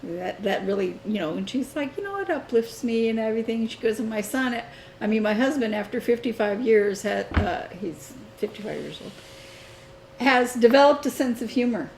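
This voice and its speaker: A woman co-hosting a casual chat show, relaxed as she retells a story with fillers. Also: a little high, moderate pace, vocal fry. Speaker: podcast co-host. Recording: roomy echo, faint noise.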